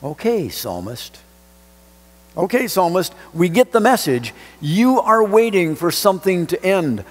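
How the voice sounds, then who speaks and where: A male pastor delivering a sermon, reading scripture and telling a story, with lively swings in delivery. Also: unhurried. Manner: expressive preaching with dramatic pitch swings on quoted lines. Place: church sanctuary. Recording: church sanctuary with long reverb.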